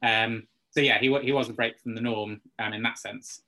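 Bright-toned man explaining with many ums. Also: mid-range voice, steady tone, moderate pace. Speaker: guest military historian. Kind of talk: podcast interview.

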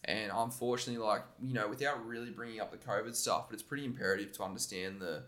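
A young Australian man, a podcast guest, telling stories in a relaxed, rambling way with plenty of fillers and restarts. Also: on the low side, quick pace. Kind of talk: casual chat.

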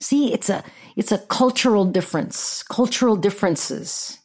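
A woman hosting a podcast, telling a story in a blunt, profane, animated way. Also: medium pitch, normal speed. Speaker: podcast host. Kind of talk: casual storytelling monologue.

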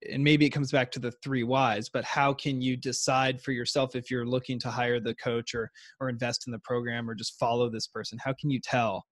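A man hosting a casual chat, agreeing readily and asking thoughtful, halting questions. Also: medium pitch, flat delivery, no room sound, clean studio sound.

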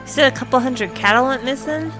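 A woman's voice: high voice, fast, over music. A woman player in a tabletop role-play, asking blunt questions in character.

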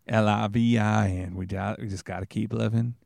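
A man puts on a relaxed celebrity man with a slow, lazy drawl. The voice sits low and unhurried, recorded close and dry with no room sound. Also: vocal fry, no room sound. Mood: laid-back.

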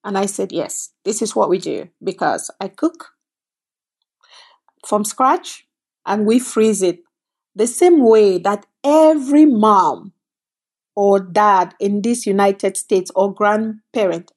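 A woman's voice: mid-range voice, slow, darkish tone. A middle-aged woman from Cameroon, a company founder telling her story in an interview and acting out the voices of people she quotes. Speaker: guest, food company founder.

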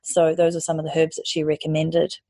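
A woman with a low, husky voice talks through her advice in a casual podcast monologue. Her tone is mellow and warm, and she speaks candidly with the odd swear word. The sound is close and dry, with no room around it. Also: monotone, fairly quick, no room sound. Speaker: podcast host and online course creator.

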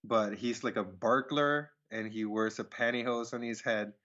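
A man's voice: mid-range voice, fairly even intonation, moderate pace, sharp tone. A man co-hosting a casual movie review chat, loose and profane, laughing often. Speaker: podcast co-host. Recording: dull lo-fi audio.

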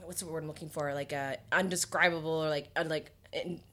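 A woman's voice: deep voice, steady tone, fast, fairly bright tone. A young woman comedian telling a story in casual podcast chat, with lots of laughter and filler words. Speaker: comedian guest.

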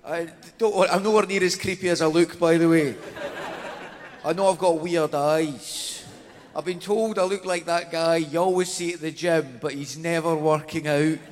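A man's voice: a little high, fairly even intonation, moderate pace. A man with a Glaswegian accent doing chatty, self-mocking live stand-up on a theatre stage. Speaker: stand-up comedian. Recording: reverberant live theatre, faint noise.

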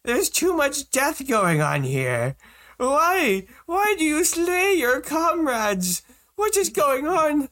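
A man's voice: sing-song, slow, sharp tone, full character voice. A man voicing a small, flustered gnome mayor who is outraged by the killing in his village. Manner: shrill, outraged, exclaiming.

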